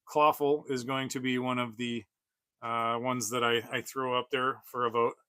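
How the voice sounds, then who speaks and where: Forties male streamer, loose rambling chat with plenty of "uh"s and chuckles, bright, forward voice, dry close sound. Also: mid-range voice, level tone, moderate pace, clear, resonant tone, no echo. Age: 40s. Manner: rambling, chuckling, many fillers. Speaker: toy collector streamer. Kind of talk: casual livestream chat.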